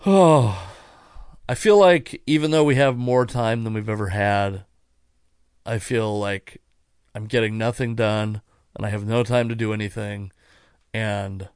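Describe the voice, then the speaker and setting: Smooth, darkish and on the low side, this male podcast host's voice comes through clean, with no room sound. Talking solo and casually, he seems tired, drifting through wry asides and repeatedly correcting himself.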